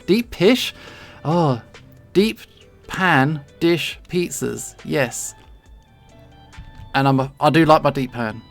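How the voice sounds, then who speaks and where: A streamer from England with a London accent, chatting casually and rambling while drawing, self-deprecating and quick to laugh. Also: mid-range voice, soft background music. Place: home streaming setup.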